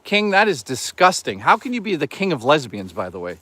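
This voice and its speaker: A man's voice: a little high, big pitch swings, a little fast, bright, forceful tone, no echo. A man live-streaming from a woodland hike, rambling and swearing as he jokes and reads chat. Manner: rambling, profane, jokey. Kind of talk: casual live-stream chatter.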